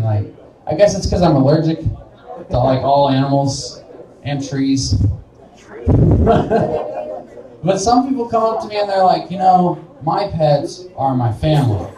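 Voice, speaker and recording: A young stand-up comedian from Wichita, Kansas, with a high-pitched voice, does a rambling, self-deprecating set on the live stage of a small bar, often laughing at his own jokes. His voice comes from a distance in the echoey bar room, with background noise.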